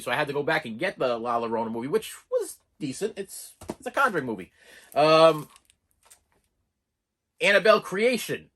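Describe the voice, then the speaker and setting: A man with a husky, slightly raspy voice talks through his movie collection in a loose, rambling vlog style. He pitches a little higher than most men, keeps restarting his sentences, and wanders into side stories. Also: animated, a little fast, fairly bright tone. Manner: rambling, with frequent restarts and asides. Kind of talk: casual rambling vlog talk.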